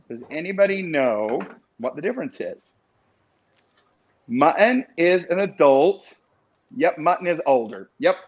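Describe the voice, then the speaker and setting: A man's voice: on the high side, highs cut off, a little hiss or hum. Chatty upbeat man with Western American accent. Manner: chatty, upbeat, addresses viewers as you guys. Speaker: host of a live cooking and trivia stream. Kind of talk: casual live-stream chat, reading viewer comments.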